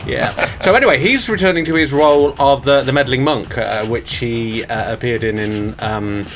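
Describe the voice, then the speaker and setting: A man's voice: mid-range voice, normal speed, noisy background. An Irish man in casual podcast chat, reading out the news in a distracted, self-mocking way, stumbling over names. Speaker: sound designer reading the news.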